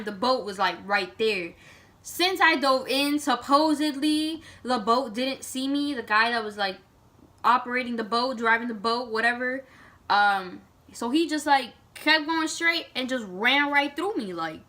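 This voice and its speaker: A woman vlogger telling a story to camera in a casual, animated way, full of "like" and dramatic retelling. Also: on the high side, measured pace.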